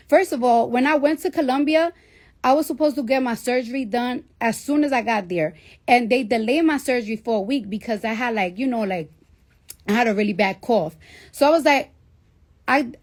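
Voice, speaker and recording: Animated, profane New woman. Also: fairly high pitch. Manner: profane, animated, acts out quoted voices. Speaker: rapper telling a story to listeners. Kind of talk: casual storytelling, livestream-like.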